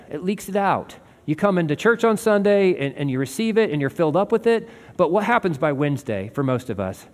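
A man's voice: a little high, darkish tone, long reverb tail. A man preaching a sermon as a pastor, earnest and conversational, asking his listeners rhetorical questions.

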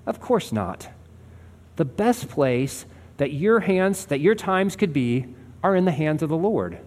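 A man's voice: a little high, big pitch swings, measured pace, big-room sound. A man preaching a sermon as a pastor, earnest and conversational, asking his listeners rhetorical questions.

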